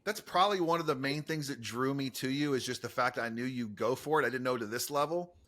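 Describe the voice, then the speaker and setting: A man's voice: mid-range voice, quick pace, fairly bright tone. A male podcast host with an ordinary mid-range voice, talking with casual enthusiasm. He fills his speech with "like" and "dude" and often hypes up his guest. The tone is loose, friendly banter. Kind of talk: casual interview chat.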